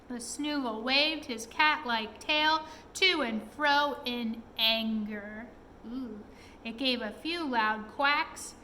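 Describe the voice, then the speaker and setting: Storyteller: woman reading a children's book aloud, expressive, voice high-pitched. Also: slight background noise, low-quality recording. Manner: expressive, asks listeners questions.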